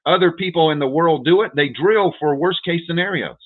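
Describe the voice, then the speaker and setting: A man's voice: fairly high pitch, a little fast. A man hosting a livestream, lecturing viewers in an urgent, repetitive way and calling them "folks" over and over. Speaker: prepper livestream host. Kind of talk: direct-to-viewer livestream rant. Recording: tinny phone-like audio.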